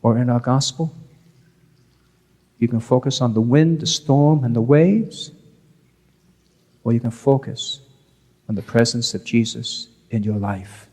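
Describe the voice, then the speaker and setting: A man's voice: mid-range voice, a little slow, long pauses, darkish tone. A man, a priest, giving a conversational sermon, repeating key phrases for emphasis. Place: church. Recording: church with long reverb.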